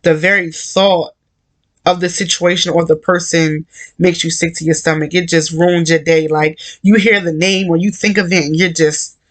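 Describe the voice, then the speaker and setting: A man's voice: a little high, level tone, moderate pace, a bit bright. A man giving an earnest, conversational devotional talk, repeating his points and filling gaps with "like" and "you know.". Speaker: Christian encourager.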